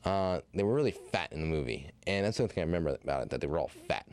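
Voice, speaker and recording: A man's voice: rumbling low, expressive, very fast, a little mellow, no echo. A man co-hosting a college radio film show in the studio, chatting casually and rambling with lots of fillers. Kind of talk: casual chat.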